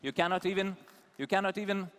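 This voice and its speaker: A man's voice: high-pitched, quick pace, fairly bright tone, clear, resonant tone. Teasing Eastern European man in a reverberant hall. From Lithuania. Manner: teasing, provocative, calls out audience members. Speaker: conference speaker. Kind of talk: live conference talk. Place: large conference hall.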